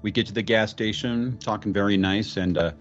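A man doing a middle-aged storyteller recounting a ghostly encounter, voiced low and deliberate, stumbling and restarting before leaning into slow, dramatic lines. The audio is a little dull, with faint music underneath. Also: fairly even intonation, lightly acted. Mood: spooked. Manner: halting storyteller, stammering restarts, drawn-out dramatic phrases. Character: middle-aged man recounting an eerie roadside encounter, impression of a famous actor. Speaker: podcast host. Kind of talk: dramatic first-person retelling of a ghost story.

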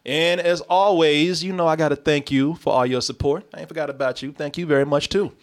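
A man hosting a casual review video, talking straight to his viewers, swearing and gushing with excitement. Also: on the high side, fairly quick. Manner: exuberant, swears, calls out to viewers.

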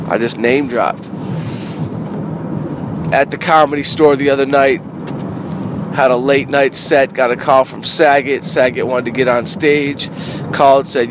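A middle-aged man, a comedian, talking casually in a car in a rambling, animated way that repeats phrases. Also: mid-range voice, measured pace, pauses often. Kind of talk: casual car vlog monologue. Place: inside a parked car. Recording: noisy street ambience.

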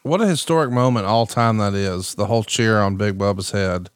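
A man's voice: fairly low pitch, brisk, a loud crowd, very noisy. A man co-hosting a casual chat, joking and teasing his partner. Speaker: podcast co-host.

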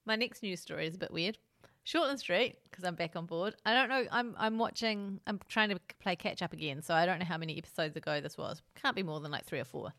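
A woman's voice: fairly low pitch, fast, few pauses, a bit bright, dry recording, studio quality. A woman co-hosting a casual podcast chat, wry and chatty, laughing often. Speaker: podcast co-host. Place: dining room.

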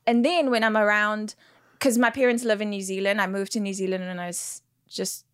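Woman, 40s, American accent, from South Africa, chatty, laughs a lot, middle pitch. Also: steady tone, a little fast, dry recording, clean studio sound. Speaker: guest actor. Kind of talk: casual podcast chat.

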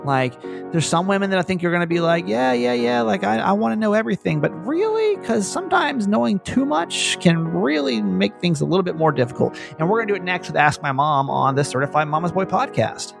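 A Southern man hosting a podcast in loose, chatty conversation. His voice has a gravelly, fry-laden texture, with a light music bed in the background. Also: high-pitched, very animated. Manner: laughs often, quick and chatty with fillers. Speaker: podcast host. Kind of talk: casual chat.

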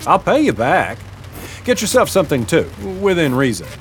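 A man's voice: a little high, wildly swooping pitch, normal speed, slight background noise, voice pushed up. A man doing a laid-back wisecracking exterminator. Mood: joking. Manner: casual, joking. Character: easygoing male pest exterminator.

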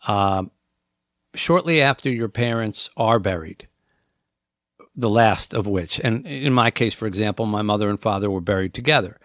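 A man's voice: lowish voice, normal speed, a bit bright, no room sound, clean studio sound. A man hosting a talk show on air, speaking earnestly and acting out inner voices as he lists points. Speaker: radio talk show host.

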